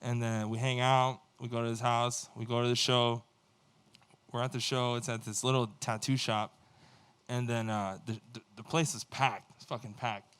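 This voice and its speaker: Smooth-voiced man telling a rowdy story. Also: medium pitch, moderate pace. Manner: animated, profane, acts out quoted dialogue. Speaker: band member. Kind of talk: casual storytelling on a livestream.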